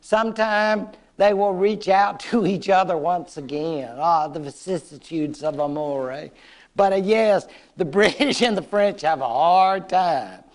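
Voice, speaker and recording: A man's voice: high-pitched, a little slow. A man giving a casual, playful history lecture to a class, joking and acting out short quotes.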